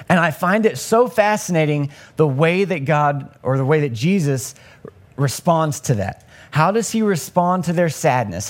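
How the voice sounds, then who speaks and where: A young man giving a casual, conversational sermon and acting out the voices in the story. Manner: conversational, acts out the story's voices with rising pitch. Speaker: preacher.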